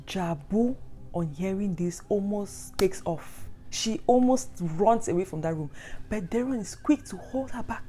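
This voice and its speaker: A woman's voice: mid-range voice, lively intonation, measured pace, mellow. A woman narrating a true story with dramatic, repetitive emphasis. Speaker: storyteller host.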